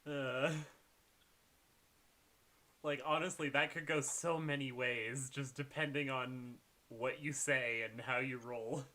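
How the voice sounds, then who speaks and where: A man's voice: medium pitch, fairly even intonation, slow pace, sharp tone. A man running a tabletop game, chatting casually with his players over a voice call. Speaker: game master.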